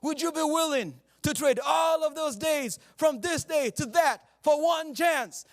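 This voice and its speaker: A man putting on a deliberately bad Irish-style accent to voice a rousing warrior leader giving a battle speech. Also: extremely high pitch, no room sound, clean studio sound, voice pushed up, exaggerated voice. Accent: mock Irish-style accent, deliberately bad. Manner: shouted, drawn-out, rallying delivery.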